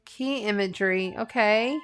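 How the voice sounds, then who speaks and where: A woman's voice: medium pitch, measured pace, a bit bright, faint music behind. A middle-aged woman, an astrologer and tarot reader, chatting casually on a live stream, earnest and talkative with lots of fillers and restarts. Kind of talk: casual live-stream chat reading viewer comments.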